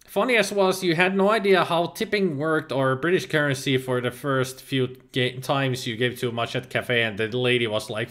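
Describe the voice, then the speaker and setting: Speaking at a medium pitch with a sharp tone, a native Finnish-speaking man from Finland keeps a measured pace and lively intonation. As a game streamer in a casual livestream, he reads chat aloud and replies with plenty of laughter and playful exclamations.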